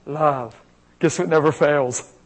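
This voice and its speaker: An American man from Pennsylvania preaching an informal sermon on healing, energetic and conversational, swinging between loud and quiet. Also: a little high, slow, rough recording. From Pennsylvania, USA. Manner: conversational, energetic, big swings in loudness, plays out dialogue.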